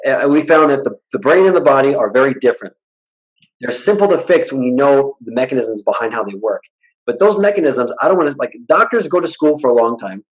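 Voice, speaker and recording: In a muffled recording, a hypnotist with a mid-range voice guests on a casual interview. He speaks bluntly and tells stories animatedly, acting out the people he quotes.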